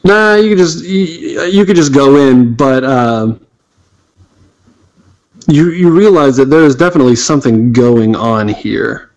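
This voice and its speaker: American man running a tabletop game, middle pitch, stumbling restarts. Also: a little mellow, highs cut off. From United States. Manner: halting, many restarts. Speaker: game master.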